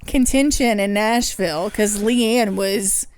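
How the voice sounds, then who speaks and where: A woman co-hosting a podcast, chatting quickly and agreeably. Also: medium pitch, darkish tone, clean tone. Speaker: podcast co-host. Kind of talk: casual chat.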